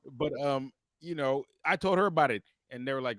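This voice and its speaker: A man with a fairly high voice tells a story as a heated, profane rant on a casual podcast. His delivery is animated and full of cussing. The sound is dry and close. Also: fast, hardly any pauses, no echo. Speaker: podcast co-host.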